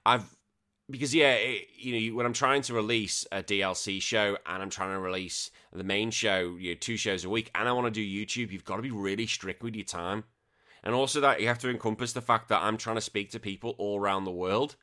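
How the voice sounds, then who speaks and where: Swearing British podcast host rambling casually. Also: male voice, lowish voice, brisk, pushed and bright. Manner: rambling, swears often, self-deprecating. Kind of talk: casual chat answering listener questions.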